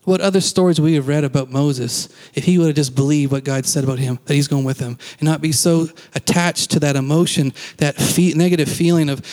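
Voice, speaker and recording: A man's voice: on the high side, fairly quick, few pauses, darkish tone, in a large hall. A man giving a casual, conversational sermon as a pastor, acting out quoted lines and laughing now and then.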